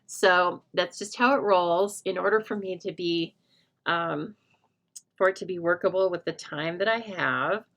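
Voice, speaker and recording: Woman, middle-aged, crafting tutorial, lower-pitched, gravelly, chatty and jokey. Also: measured pace, a bit bright. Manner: chatty, jokey, thinking aloud while working. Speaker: stamping crafts demonstrator. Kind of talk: live crafting tutorial chat.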